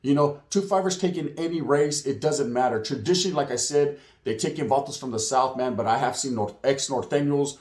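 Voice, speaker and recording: A man hosting a casual street news monologue, slangy and streetwise, with a slightly hoarse voice. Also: medium pitch, fairly quick, hardly any pauses, a little mellow. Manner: streetwise, slang-heavy, acts out quotes in put-on voices. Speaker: channel host, street news commentator. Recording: roomy echo.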